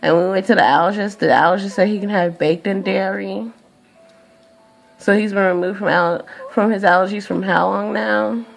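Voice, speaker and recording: A woman's voice: medium pitch, fairly even intonation, normal speed, creaky, soft background music. A tired young woman venting in a profane, exasperated rant to camera. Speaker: vlogger.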